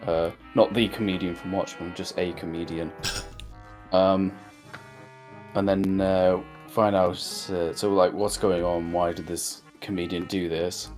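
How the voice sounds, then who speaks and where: A man's voice: low-pitched, flat delivery, unhurried, a little mellow, soft background music. A man co-hosting a casual review chat, rambling through jokey recaps with lots of fillers. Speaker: podcast co-host.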